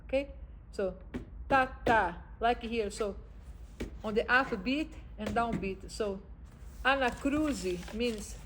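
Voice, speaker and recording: Slow, halting woman teaching rhythm. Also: a little high, low-quality recording. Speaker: music teacher. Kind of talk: music theory lesson. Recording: faint background noise.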